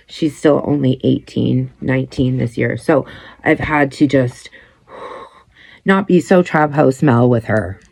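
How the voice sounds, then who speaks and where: A blunt, foul-mouthed woman in her thirties telling her own story as a podcast host. Her voice has a gravelly, fried edge, and the sound is close and dry. She breaks into lively quoted voices as she talks. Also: extremely low pitch, no echo. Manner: blunt, heavy swearing, animated quoting. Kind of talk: candid personal storytelling.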